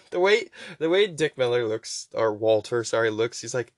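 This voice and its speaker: A young man hosting a podcast, casually rambling through a movie recap with profanity and quick voice impressions. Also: mid-range voice, animated, no room sound, clean studio sound. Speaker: podcast host.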